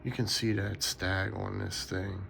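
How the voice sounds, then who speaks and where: Sleepy, slow-talking man vlogging at night. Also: deep voice, little pitch movement, vocal fry, fairly bright tone, slight background noise. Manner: tired, rambling, yawning. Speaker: knife collector vlogger. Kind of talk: casual rambling vlog. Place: bedroom at night.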